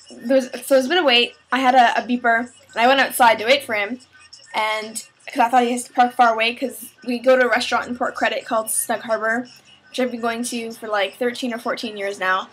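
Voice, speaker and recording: A woman's voice: fairly high pitch, fairly bright tone, low-quality recording. A young woman, rambling casually in a vlog with plenty of fillers and restarts. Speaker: vlogger.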